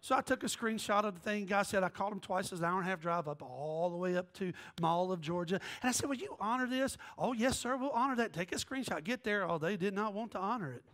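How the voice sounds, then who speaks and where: A male pastor delivers a lively storytelling sermon, slipping in and out of quoted voices and jokes. His voice sits fairly high for a man. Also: quick pace, few pauses. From American South. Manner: animated, joking, jumps between quoted voices.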